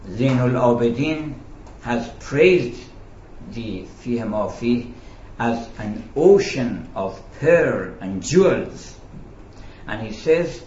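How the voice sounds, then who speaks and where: A man giving a storytelling lecture about Sufi teaching, slow and deliberate with hesitations, in an echoey, lo-fi recording. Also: mid-range voice, darkish tone, a little hiss or hum. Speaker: speaker on Sufism. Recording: echoey, dull lo-fi room recording.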